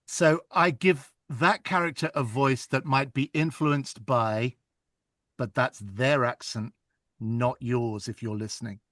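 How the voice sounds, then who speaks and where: A man's voice: medium pitch, slow, fairly bright tone, dry recording. This is a man being interviewed about narrating audiobooks. He talks in an earnest, reflective way and often restarts a phrase to find the right word. His voice sits in a middle range and the recording is dry, with no room around it. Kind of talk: casual interview chat.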